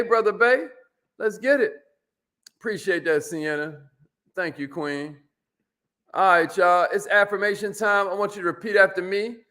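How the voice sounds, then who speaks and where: A man hosting a motivational live stream, energetic, calling out viewers by name and saying y'all. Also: high voice.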